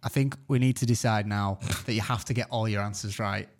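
A man's voice: fairly low pitch, fairly even intonation, fairly quick. A man co-hosting a podcast, reading out quiz questions and chuckling often. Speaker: podcast co-host running a quiz. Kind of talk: casual chat, quiz questions.

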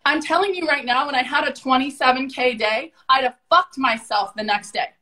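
Appearing as a podcast guest, a woman with a bright, high voice tells stories in a casual, profane way. She rambles fast and emphatically, swearing constantly and driving home each point with raw energy, loud and unfiltered.

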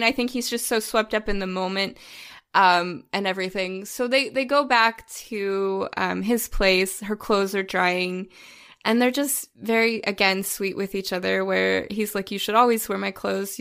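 A woman's voice: fairly high pitch, a bit bright. A woman co-hosting a podcast, chatting about a film with gushing emotion, tearful at times and full of restarts and fillers. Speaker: podcast co-host. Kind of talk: casual film discussion.

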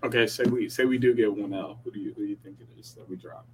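A young man co-hosting a casual lacrosse picks show, animated and slangy, laughing often as he banters. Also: fairly low pitch, fast talker, slight background noise, poor audio. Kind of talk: casual sports chat.

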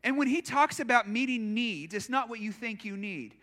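A man's voice: very high-pitched, lively intonation, moderate pace, fairly bright tone. A male pastor preaching a sermon in a church, telling personal stories in a conversational, self-deprecating way. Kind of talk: storytelling sermon.

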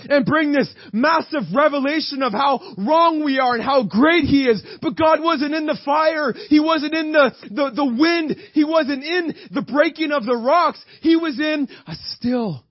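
A man's voice: very high-pitched, unhurried, few pauses, no room sound, muffled recording. A man preaching a sermon with fervent, repetitive emphasis, often calling out to the congregation for an "Amen.".

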